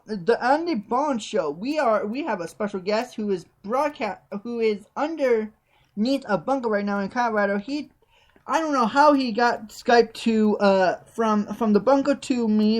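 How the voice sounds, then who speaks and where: A woman's voice: a little high, a little mellow. A woman hosting a podcast, playful and teasing, hyping up guests in a casual chat. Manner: playful hype-man delivery, teasing. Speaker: podcast host. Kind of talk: hyped show host intro and casual chat.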